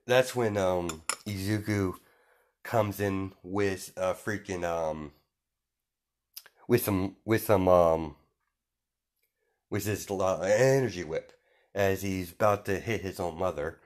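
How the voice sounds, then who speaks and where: A man with a deep, low voice tells a made-up story off the top of his head. He rambles, restarts his sentences and leans on fillers as he goes. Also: takes it slowly, pauses often. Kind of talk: casual improvised story retelling.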